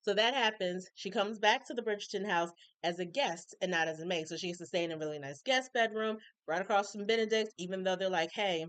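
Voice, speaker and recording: A woman recapping a TV episode in casual chat, opinionated and animated, acting out characters' lines with colloquial asides. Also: medium pitch, clear, resonant tone, dry recording. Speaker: recap reviewer.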